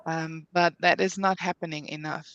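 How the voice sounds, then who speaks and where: A panel moderator leads a discussion in a measured, empathetic way. The sound is dry and close, with a dull, muffled edge. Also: medium pitch, fairly even intonation, fairly bright tone, no echo.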